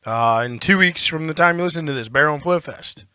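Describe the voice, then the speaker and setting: A man's voice: a little high, brisk, pushed and bright, clean tone, no echo, studio quality. A man co-hosting a casual podcast, talking in a playful, jokey, upbeat way. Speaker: podcast co-host.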